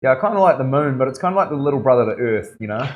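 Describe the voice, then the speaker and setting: A man's voice: medium pitch, lively intonation, very fast. A male tattoo artist chatting casually during a live stream from his studio, joking around and half-mumbling while he concentrates on the work. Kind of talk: casual chat while working.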